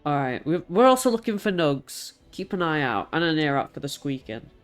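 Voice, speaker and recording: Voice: medium pitch, big pitch swings, brisk, smooth, faint music behind. A streamer talking through a game, chatty and exasperated, swearing and laughing at it. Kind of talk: live game stream commentary.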